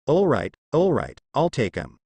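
A man voicing a drunken, gruff old male bridge builder who slurs and drawls his words. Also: mid-range voice, wildly swooping pitch, measured pace, darkish tone, a little hiss or hum, heavily acted. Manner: slurred, drawling speech.

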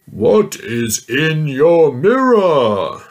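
Bullying picture-book giant, read aloud by a man, loud, high and drawn out. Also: sing-song, full character voice. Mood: booming. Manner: slow, booming, drawn-out questions. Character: blustering mean male giant from a picture book.

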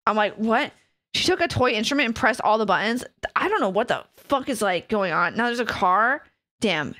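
A woman's voice: on the high side, expressive, a little fast, bright, forceful tone. A young adult woman streamer in casual live chat, laughing often and swearing freely as she reacts to videos.

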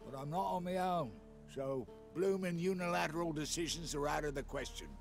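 Gravelly, slangy rogue for a game, music underneath. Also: male voice, a little high, a little fast. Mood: scheming. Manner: slangy, cocky, rough. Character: crafty cheeky male schemer, adult. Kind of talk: video game dialogue.

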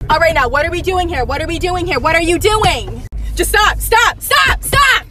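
A woman's voice: extremely high pitch, fairly quick, far from the mic, background noise. A woman playing an anxious, bossy mother coaching her son behind the wheel in a comedic skit. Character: nervous mother teaching her son to drive.

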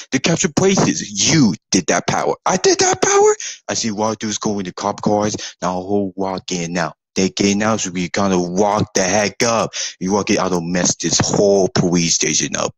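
A man's voice: lowish voice, no room sound, rough recording. A man doing a comedic parody role-play, with slangy, joking delivery. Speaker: parody video voice actor.

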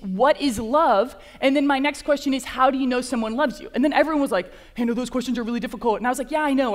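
Bubbly young woman giving a chapel talk, high voice, big echoey hall. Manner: bubbly, chatty, full of fillers. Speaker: graduate assistant speaking at chapel. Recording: long reverb of a large hall.

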